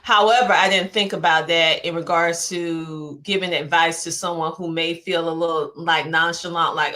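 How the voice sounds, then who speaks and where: A woman's voice: on the low side, steady tone, normal speed, few pauses, pushed and bright. A woman podcast host asking long, rambling questions in a chatty, casual way. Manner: rambling, chatty, lots of fillers.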